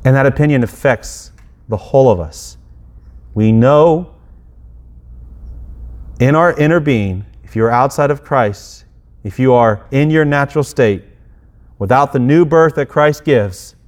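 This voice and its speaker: A middle-aged man preaches to his church in an easy, conversational way, breaking off into quick acted asides and restarting his sentences. His voice sits at an ordinary pitch for a man, neither high nor low. He jokes at his own expense between earnest points. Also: lively intonation, darkish tone. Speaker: pastor. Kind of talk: sermon.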